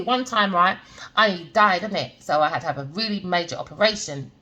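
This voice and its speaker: A woman's voice: lowish voice, fairly quick, pushed and bright. Emphatic woman reading tarot. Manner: emphatic, repetitive, lecturing the viewer; slangy and blunt. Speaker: tarot reader.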